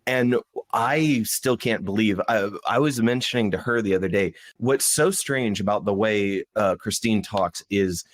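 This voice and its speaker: A man with a low-pitched voice co-hosts a podcast in loose, casual chat. He rambles and restarts his sentences often. The recording is dry and close, with no room echo. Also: measured pace, hardly any pauses. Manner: rambling with frequent restarts and laughs. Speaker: podcast co-host.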